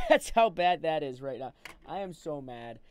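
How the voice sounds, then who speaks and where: Upset and ranting, a live streamer talks casually through a wired earbud mic and keeps restarting sentences in agitation. The voice sits at medium pitch, a little mellow, with an unhurried, sing-song delivery.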